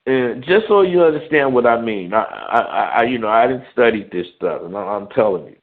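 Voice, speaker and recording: A man's voice: mid-range voice, animated, moderate pace. A man giving frank, emphatic advice on dating and manhood, swearing freely. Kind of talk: advice monologue. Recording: tinny phone-like audio.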